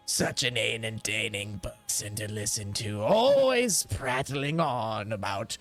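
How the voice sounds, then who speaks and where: A man playing a huge, slow-voiced female dragonborn. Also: on the low side, animated, fairly bright tone, soft background music, voice pushed down, exaggerated voice. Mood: amused. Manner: slow, drawn-out, stately speech.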